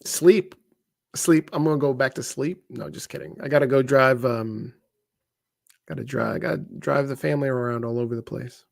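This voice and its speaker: With a gravelly, mid-range voice, fairly even intonation, and a slightly fast pace, this co-host of a live wrestling watch-along jokes around, chats, and reacts loudly in casual commentary. It's recorded dry with clean studio sound.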